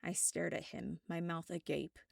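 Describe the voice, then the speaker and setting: A woman reading a first-person web serial aloud, steady and wry. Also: fairly low pitch, a little slow, vocal fry, dry recording, clean studio sound. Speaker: narrator.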